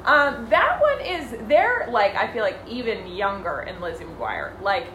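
A woman co-hosting a casual podcast, animated and quick to laugh. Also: medium pitch, roomy sound, a little hiss or hum, low-quality recording. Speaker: podcast co-host. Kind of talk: casual chat.

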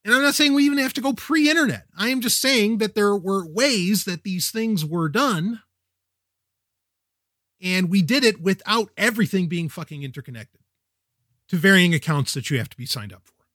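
A man hosting a tech podcast, talking casually in an energetic, wisecracking way that often breaks off and restarts. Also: sits high, moderate pace, no echo, studio quality. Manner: energetic, wisecracking, self-interrupting. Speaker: podcast host.

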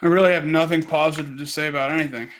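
A man's voice: on the high side, fairly even intonation, rapid-fire. A man co-hosting a podcast, telling a rambling story in casual chat, swearing constantly. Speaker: podcast co-host.

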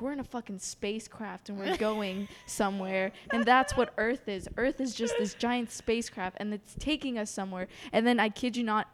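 A woman's voice: mid-range voice, smooth, big-room sound. A woman telling a wild story in casual chat, swearing a lot and filling her talk with "like". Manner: swears a lot, laughs often, many fillers.

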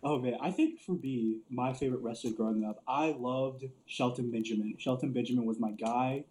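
A man's voice: medium pitch, moderate pace, mellow, rough recording. A man telling wrestling stories in casual chat, loose and profane, laughing often and filling with "like". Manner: loose storyteller, swears a lot, laughs often, many "like" fillers. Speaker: podcast co-host.

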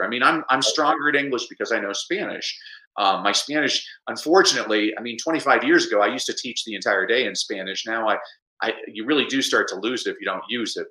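A middle-aged man, an educator, talking animatedly in an interview and explaining with lively examples. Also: echoey room, low-quality recording. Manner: animated, explanatory, mimics Spanish with exaggerated pitch. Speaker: educator guest. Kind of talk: conversational interview.

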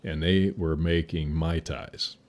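Middle-aged man, extremely low voice, veteran firefighter type, animated anecdote teller. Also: slow pace. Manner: animated anecdotal storyteller, gets loud in punchlines. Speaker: fire service veteran guest. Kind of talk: casual storytelling chat.

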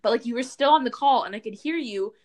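A woman's voice: a little high, fast, a little mellow. A young woman co-hosting a casual chat, telling a long personal story full of "like" and acted-out quotes. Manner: chatty storyteller, lots of "like", acts out her own replies.

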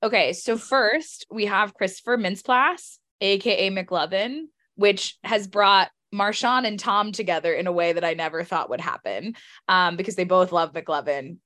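Young woman, podcast co-host, casual lively chat, jokey asides, mid pitch. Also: moderate pace. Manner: lively, jokey, runs through lists with asides.

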